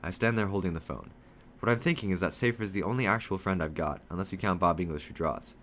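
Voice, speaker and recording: A man reading a children's novel aloud in steady first-person storytelling, lightly voicing the dialogue. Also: low-pitched, fast talker, slight background noise.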